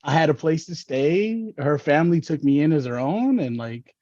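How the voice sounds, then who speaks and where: A man's voice: on the high side, lively intonation, moderate pace, mellow, no echo. A man from Dallas, Texas, telling rambling, laughing stories as a podcast guest. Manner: laid-back, rambling, laughs at own stories. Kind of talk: casual storytelling chat. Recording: slightly dull, lo-fi podcast audio.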